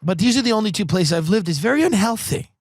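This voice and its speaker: A man from Long Island hosting a podcast, delivering a comedic monologue with sardonic, deadpan exaggeration into a close studio microphone. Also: sits high, quick pace, breathy edge, no room sound. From Long Island, New York. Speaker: podcast host.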